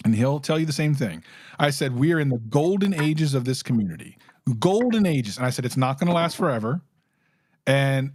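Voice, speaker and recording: A hyped-up man hosting a livestream, speaking in a somewhat high voice. His sound is close and dry with no room around it. He gets preachy and keeps talking over his guests. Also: no room sound. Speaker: livestream host. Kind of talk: casual chat.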